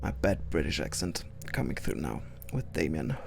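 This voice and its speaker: A man's voice: very deep voice, sing-song, moderate pace, vocal fry, darkish tone, soft background music. A man streaming a game, reading its story aloud in an amused way, often stumbling and correcting himself.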